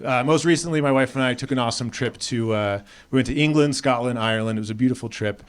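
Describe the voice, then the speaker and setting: A young man from Australia with an American accent performing a stand-up comedy set on a club stage, animated and jumping into high voices for quotes. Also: fast, clean tone. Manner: animated, jumps up in pitch for acted-out quotes. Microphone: handheld stage mic. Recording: live club set with crowd laughter. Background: audience laughter.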